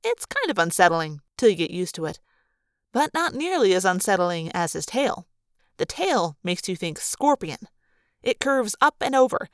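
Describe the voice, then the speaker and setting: A woman narrates a story aloud in a lively first-person voice. Her pitch sits in the middle range. The sound is close and dry, with no room around it. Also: no room sound. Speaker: audiobook reader. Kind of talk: read-aloud fan narration.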